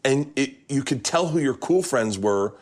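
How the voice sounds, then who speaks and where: A man hosting a casual chat, telling animated, profane stories and acting out quotes. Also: medium pitch, a little slow. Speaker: podcast host. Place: kitchen.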